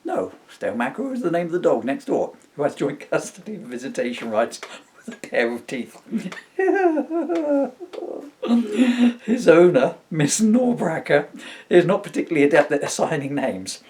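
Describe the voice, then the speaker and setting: An older man voicing a cheeky, literal-minded male clerk who answers everything with deadpan puns in a comic story. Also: fairly high pitch, measured pace, a little hiss or hum, pitched above the performer's own voice.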